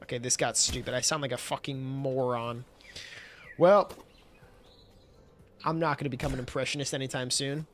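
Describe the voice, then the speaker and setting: A man's voice: mid-range voice, fairly even intonation, moderate pace, long pauses, a little hiss or hum. A man livestreaming who chats casually, rambling, swearing and laughing as he talks. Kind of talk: casual stream chat.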